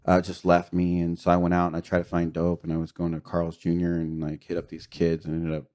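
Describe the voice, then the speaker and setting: A man's voice: low voice, monotone, brisk, a little mellow. A middle-aged man telling his personal story of relapse and recovery as a podcast guest, earnest and confessional, with fillers and short laughs. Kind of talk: candid personal testimony.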